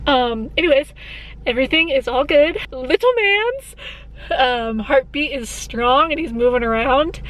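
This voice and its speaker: A young woman from Colorado talking casually in a vlog. She is chatty, laughs often and drops into hushed asides. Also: high voice, moderate pace, lo-fi sound, a little hiss or hum. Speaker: vlogger. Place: outdoors on a walk, later at a hospital.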